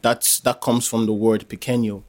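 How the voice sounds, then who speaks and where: A man's voice: fairly low pitch, little pitch movement, moderate pace, darkish tone. A man co-hosting a podcast, explaining at length in casual chat with many fillers and restarts. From Nigeria. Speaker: podcast co-host.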